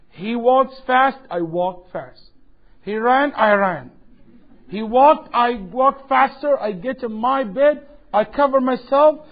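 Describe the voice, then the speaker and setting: Lecturer, male, high voice, animated storyteller; dull lo-fi tape. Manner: animated, acts out quoted dialogue. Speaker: Islamic lecturer. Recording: dull lo-fi 2007 lecture recording.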